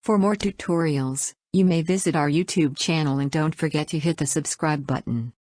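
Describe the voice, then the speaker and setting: A woman narrating a scripted software tutorial, reading each step in an even, instructional way and spelling out acronyms letter by letter. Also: deep voice, moderate pace, no room sound, studio quality.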